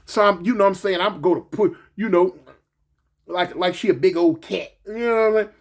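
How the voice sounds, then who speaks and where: A man telling a personal story in a casual, animated way, repeating himself and peppering it with "man" and "you know". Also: high-pitched, a little fast. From Los Angeles.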